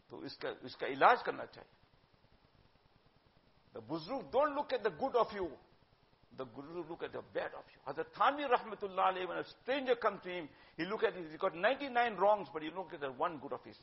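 A man giving a religious talk, emphatic, swinging between loud urging and hushed asides and slipping in Urdu phrases. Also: high-pitched, sing-song, fast, vocal fry. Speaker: religious teacher. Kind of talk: sermon-style religious talk. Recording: dull lo-fi recording.

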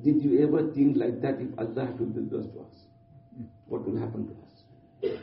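A man's voice: mid-range voice, normal speed, creaky. A man preaching a sermon earnestly, repeating points in simple, non-native English phrasing. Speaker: Islamic preacher. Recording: distant, dull, echoey room.

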